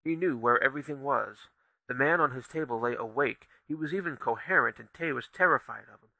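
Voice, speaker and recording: Gravelly, bright-voiced male storyteller. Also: mid-range voice, brisk, dry recording, poor audio. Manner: steady and vivid storytelling. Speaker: narrator. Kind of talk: audiobook narration.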